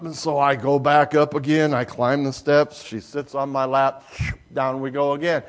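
A male pastor preaching a sermon, telling a folksy family story with lively sound effects before drawing a lesson. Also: medium pitch, moderate pace.

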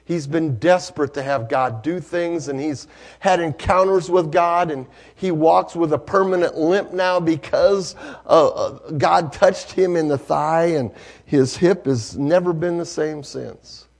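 A male preacher, telling a story in a sermon, swinging from hushed to loud. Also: fairly high pitch, unhurried, vocal fry.

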